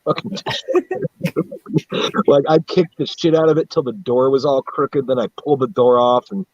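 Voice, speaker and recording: A man's voice: medium pitch, big pitch swings, moderate pace, darkish tone, no room sound, lo-fi sound. A man from central upstate New York, chatting casually and rambling, swearing a lot and laughing at his own stories. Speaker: guest on a live stream. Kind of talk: casual chat.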